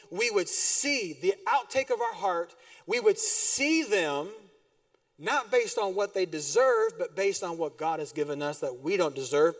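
A middle-aged man preaching a sermon as pastor, telling animated stories with sudden loud bursts and quiet drops. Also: sits high. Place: church sanctuary. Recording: distant mic in a reverberant church hall.

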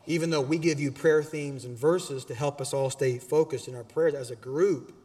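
A man preaching a sermon as pastor in a church auditorium, animated and exhorting, with casual asides to the congregation. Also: medium pitch, in a large hall.

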